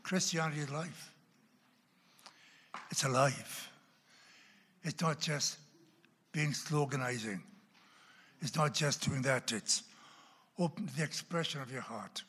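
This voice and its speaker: A man, a pastor, telling a story in an animated sermon and breaking into loud bursts now and then. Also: medium pitch, takes it slowly, pauses often, big-room sound, a little hiss or hum. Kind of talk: storytelling sermon at a church class.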